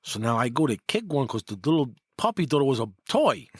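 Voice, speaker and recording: A husky middle-aged man tells his story in a loose, animated way. His pitch jumps when he acts out what others said. The sound is dry and close. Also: a little fast, no echo. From New York. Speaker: guest, former mob enforcer. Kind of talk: casual storytelling.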